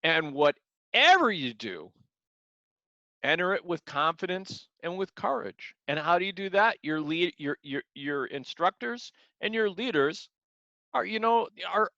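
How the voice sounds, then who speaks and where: A man's voice: high voice, sing-song, unhurried, pushed and bright, dry recording. A man teaching a martial arts class, talking earnestly and repeating words as he acts out examples. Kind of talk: motivational class talk. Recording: dull lo-fi sound.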